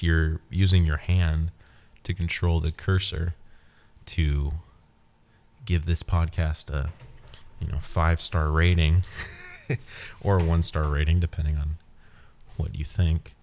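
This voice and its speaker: Rumbling low and a little mellow, a man speaks at a moderate pace in a casual podcast monologue. As host, he rambles in a playful way while steering the listener through a scene of his imagining.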